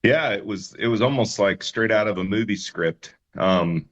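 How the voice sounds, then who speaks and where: A man's voice: on the low side, moderate pace, fairly bright tone. A man, a musician guest, telling his story in an easygoing interview chat with many fillers and restarts.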